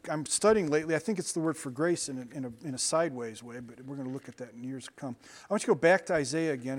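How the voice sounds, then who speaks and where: Animated, conversational male pastor preaching. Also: a little high. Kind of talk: sermon.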